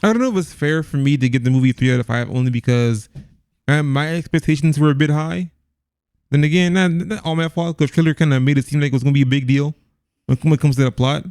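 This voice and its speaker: A man's voice: fairly high pitch, fast talker, a little mellow, clear, resonant tone, no room sound, clean studio sound. A man co-hosting a casual movie review podcast, rambling with lots of restarts and laughs. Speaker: podcast co-host.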